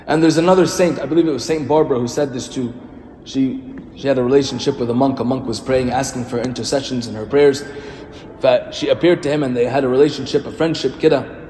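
A man's voice: mid-range voice, a little fast, darkish tone, slight background noise. A man, a priest giving a sermon in a conversational storytelling way with rhetorical questions. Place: church. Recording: reverberant church hall, faint ambience.

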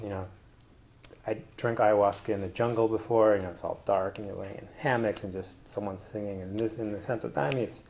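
A man's voice: lowish voice, fairly bright tone, a little hiss or hum. A man presenting to an audience in a casual personal style, rambling with many fillers and restarts. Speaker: conference presenter.

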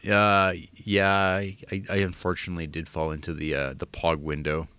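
A man's voice: low-pitched, monotone, moderate pace, sharp tone, smooth, no echo. A man co-hosting a podcast in casual chat, dry, brief and teasing. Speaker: podcast co-host.

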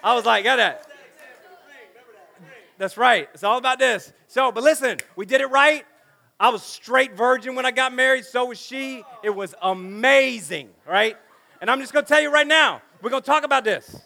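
A middle-aged man preaching to teenagers at a camp in a lively, joking way, acting out talks with his kids. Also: extremely high pitch, normal speed, creaky. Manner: animated, joking, acts out family dialogue. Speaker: pastor speaking at a youth camp. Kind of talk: energetic sermon to teenagers.

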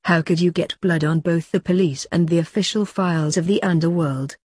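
A woman voicing a gruff male reaper assistant, a stickler for paperwork, with a husky voice and a blunt, indignant manner. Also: lowish voice, steady tone, a little fast, a little mellow, dry recording.

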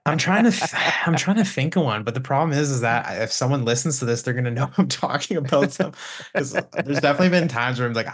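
A man's voice: medium pitch, expressive, fast, husky. A man telling studio stories on a podcast, rambling with restarts and swearing. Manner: rambling, many restarts, swears, mimics clients. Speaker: guest, recording engineer. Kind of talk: casual podcast chat, storytelling.

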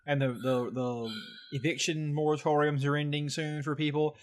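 A man's voice: on the high side, little pitch movement, moderate pace. A young man from Georgia in the US, co-hosting a casual chat and ranting in an earnest, profane way.

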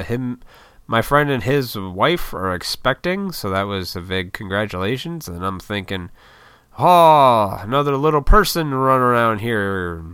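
A man's voice: mid-range voice, bright, forceful tone, clear, resonant tone, no room sound. A man in his thirties, a YouTuber, in a casual, rambling, profane vlog monologue. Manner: rambling, profane, laid-back, self-deprecating.

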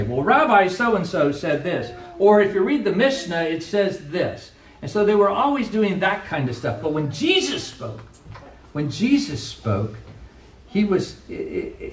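A middle-aged pastor preaching a sermon with earnest, emphatic delivery, recorded from a distance in a church sanctuary. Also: male voice, sits high, a little hiss or hum. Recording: echoey room, voice from a distance.

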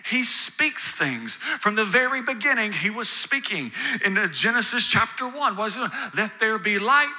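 A man's voice: high-pitched, expressive, moderate pace, hardly any pauses, sharp tone. A man preaching a sermon, possibly, building emphasis through repeated phrases. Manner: preaching with rising emphasis and repetition. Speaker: pastor.

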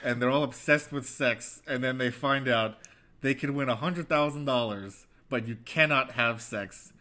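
A man's voice: mid-range voice, moderate pace, sharp tone. A man in casual chat as a podcast co-host, rambling and chatty. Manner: rambling, chatty, does mocking quoted voices.

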